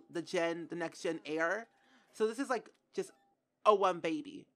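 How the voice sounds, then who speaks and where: Woman giving excitable game commentary. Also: lowish voice, normal speed, faint music behind. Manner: dramatic, shrieks and cries out in dismay. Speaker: game streamer. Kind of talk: gameplay commentary.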